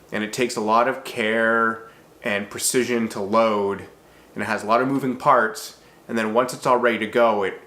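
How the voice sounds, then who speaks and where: A man's voice: on the low side, a bit bright. A man in his thirties, originally from Czechoslovakia, answering viewer questions in a casual vlog, thoughtful and a little self-deprecating with frequent fillers and restarts.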